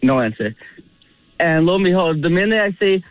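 Young man caller, phone-line sound, dry, slightly high voice, nervous and giggly. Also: expressive, a little fast, no room sound, faint music behind. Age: 20s. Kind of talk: telling a story on a call-in show.

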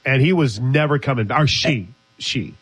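A man's voice: mid-range voice, lively intonation, normal speed, a bit bright, breathy edge, no echo. A man hosting a casual sports talk show, teasing his co-host in a conversational way. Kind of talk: casual sports radio chat.

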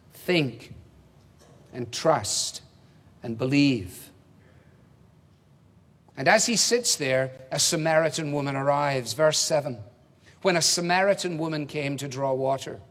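A man preaching an expository sermon, measured and emphatic, posing rhetorical questions. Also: a little high. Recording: reverberant hall.

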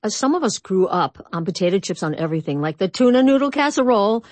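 A woman's voice: mid-range voice, animated, fast talker, a little mellow, no room sound. A woman hosting a radio show in a playful, chatty way. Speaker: radio host. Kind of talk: casual radio chat.

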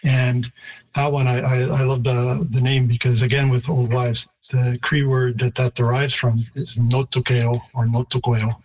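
A man, a linguistics professor, answering radio interview questions in a thoughtful, halting way with many restarts. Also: mid-range voice, little pitch movement, a little mellow, muffled recording.

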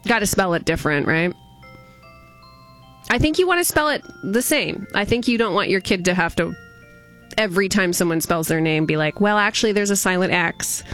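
A woman's voice: fairly low pitch, animated, moderate pace, long pauses, fairly bright tone, faint music behind. Jokey woman radio host. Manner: jokey, laughs at her own jokes. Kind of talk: chatty radio news segment. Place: radio studio.

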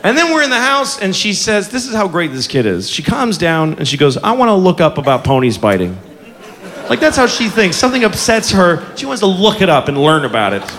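A man doing animated, profane, self-mocking stand-up storytelling. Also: high voice, a little fast, few pauses, some chatter behind. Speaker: stand-up comedian. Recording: live club with audience and noise.

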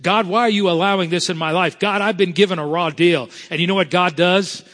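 Delivering a sermon in a large church sanctuary, a South Florida pastor speaks earnestly in a slightly high, fairly bright voice with fairly even intonation. He slows to emphasize the scripture he reads, and a long reverb carries his words.

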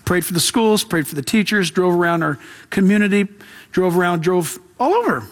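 A man preaching a sermon as pastor, casual and animated, with slang and laughter. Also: high-pitched, moderate pace.

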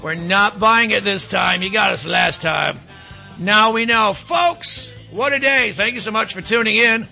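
Talk radio host, middle-aged man, high sharp voice; rambling, mocking monologue. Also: moderate pace, gravelly, soft background music. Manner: rambling, mocking, animated asides.

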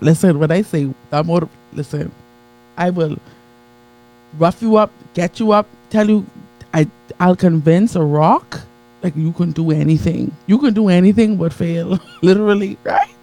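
A man preaching a motivational sermon to a live audience, building with repetition and call-and-response, swinging from soft low asides to high excited peaks. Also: normal speed, gravelly, low-quality recording. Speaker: motivational speaker.

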